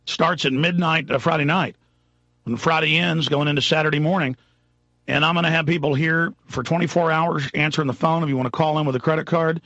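Male talk radio host, rambling and fired up, husky voice with a dry, dull studio sound. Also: on the high side, steady tone, brisk, no echo. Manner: impassioned, rambling, shifts between mutters and shouts.

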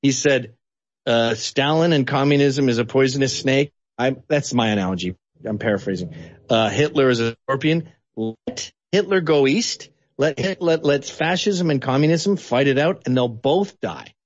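A man from Canada giving blunt, animated political opinions as an interview guest. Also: normal speed, dry recording, lo-fi sound. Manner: blunt, animated, sweeping pitch swings.

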